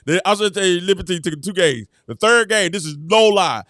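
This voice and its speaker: A man hosting his own show, giving casual sports commentary in an animated way, laughing often and repeating himself. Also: high voice, a little fast, no room sound, studio quality. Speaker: show host.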